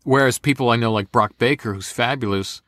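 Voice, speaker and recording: A man's voice: mid-range voice, brisk, no echo, studio quality. A young American man, a voice actor, telling stories in a casual interview and slipping into impressions. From United States. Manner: animated storyteller, slips into impressions. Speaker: voice actor guest.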